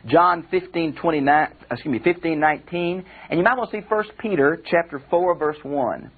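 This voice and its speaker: An older man, a pastor, delivers a conversational Bible commentary lecture and addresses his listeners as friends. His voice is fairly high and his pace moderate. The recording sounds tinny, like a phone.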